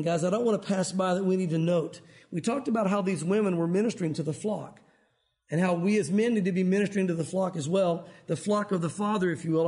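A man giving a conversational Bible teaching to a men's group. He tells stories in a chatty way and says "you know" often. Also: high-pitched. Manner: chatty, sprinkled with "you know", animated storyteller.

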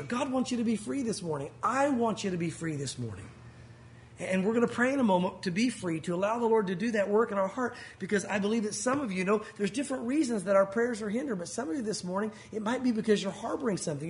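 A pastor delivers his sermon in a strikingly high voice. He preaches earnestly and with emphasis, speaking straight to his listeners. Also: expressive, fast talker.

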